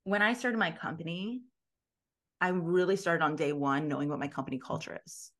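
A woman guest and business coach telling stories in a casual interview, emphatic, dropping to a hush and then rising loud. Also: low-pitched, normal speed. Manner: emphatic, swings between hushed and loud.

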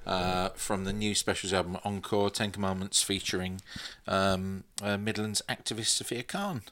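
A man's voice: sits low, steady tone, moderate pace, a bit bright, a little hiss or hum. A man co-hosting a radio show, chatting about records he played. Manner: chatty, with fillers. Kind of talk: casual chat about records.

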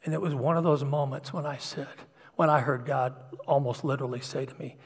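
A middle-aged man preaching a sermon, telling personal stories in a confessional way that swings from hushed to loud. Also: mid-range voice, fairly even intonation, brisk, husky, big-room sound.

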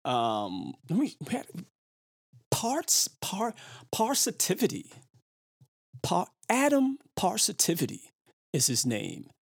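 A man hosting a podcast, chatting casually in an animated, rambling way with lots of fillers. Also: high voice, slow, gravelly, pauses often, slightly rough, no room sound, clean studio sound. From Brooklyn. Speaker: podcast host. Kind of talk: casual chat.

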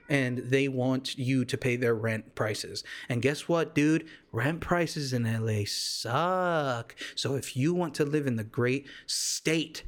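A man from Kansas hosting a casual solo podcast, rambling and fast with restarts and self-deprecating jokes. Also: mid-range voice. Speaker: podcast host.

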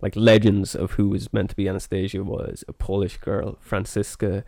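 A man's voice: on the low side, little pitch movement, moderate pace, gravelly, a little mellow, no room sound, clean studio sound. A man hosting a podcast in casual chat, chatty with many fillers. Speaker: podcast host.

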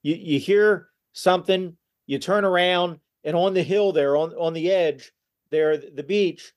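A man appearing as a podcast guest, calmly recounting a film's plot in casual conversation with frequent restarts. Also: high-pitched. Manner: relaxed, halting retelling with restarts. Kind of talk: casual film discussion.

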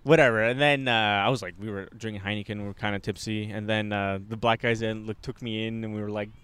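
A man's voice: lowish voice, steady tone, fast talker, fairly bright tone, smooth. A young man telling a rambling, profane story in casual podcast chat, recorded outdoors in a park. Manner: rambling, swearing, laughing storyteller with many restarts. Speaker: podcast co-host.

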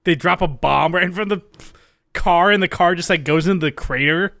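This podcast co-host chats casually about a film and acts out bits of its dialogue. He has a high-pitched, creaky, fairly bright voice, talks a little fast, and there's no room sound.

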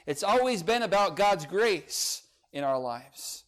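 A man preaching a sermon, rising to emphatic peaks and dropping to quiet, soft passages, and reading scripture aloud. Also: high-pitched, sing-song, slow. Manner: reads scripture in old-style phrasing. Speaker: pastor.

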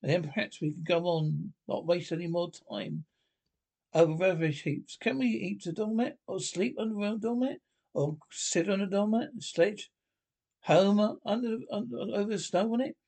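A man voices a fussy, grumbling little mole from a storybook, set a bit higher than his own voice. The mole complains peevishly, with a raspy, gravelly sound under the words. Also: moderate pace, a little mellow.

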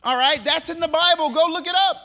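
A man preaches with a strikingly high, bright voice that rings through a long hall reverb. He hammers key lines by repeating them and swings between loud declarations and hushed asides. Playful quips break up the sermon. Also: fairly quick. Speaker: pastor.

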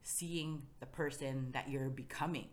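Low-voiced woman giving motivational talk. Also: fairly even intonation, unhurried. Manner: earnest, motivational, frequent "you know what I mean". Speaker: podcast guest. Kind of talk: casual podcast chat.

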